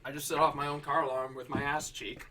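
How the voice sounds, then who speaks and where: A man's voice: a little high, flat delivery, fast, distant mic, noisy background. A man hosting a casual livestream, joking and swearing freely as he chats with viewers about writing prompts. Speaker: livestream host and writer.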